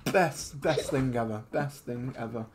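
A man hosts a loose, unscripted podcast from a home computer mic over a voice call. He rambles, mocks himself, and trips over his words, at a middle pitch. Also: unhurried, slight background noise. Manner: rambling, self-mocking, stumbles over words. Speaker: podcast host. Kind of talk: casual chat.

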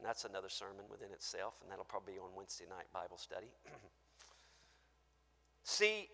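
A man pastor preaching a sermon in a church, shifting from quiet low asides to loud, shouted acted-out pleas. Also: animated, brisk, gravelly. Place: church sanctuary. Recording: church sanctuary with long reverb.

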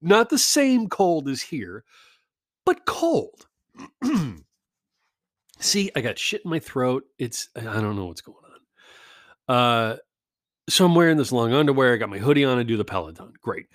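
A man's voice: medium pitch, sing-song, unhurried, pauses often, no room sound, studio quality. A man in a casual rambling monologue, ranting and self-deprecating, swearing often.

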